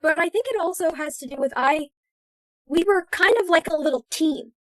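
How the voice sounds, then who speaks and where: A woman's voice: sits high, moderate pace, no room sound, low-quality recording. A young American woman, an actress, talking thoughtfully as a podcast guest. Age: young adult. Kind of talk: casual interview.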